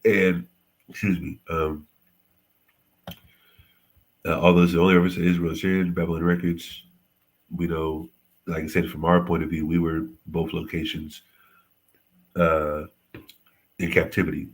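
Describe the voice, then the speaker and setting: A man hosting a casual livestream history lesson, halting and often correcting himself. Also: deep voice, flat delivery, husky. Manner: halting, frequent self-corrections and apologies. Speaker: host teaching history on a livestream.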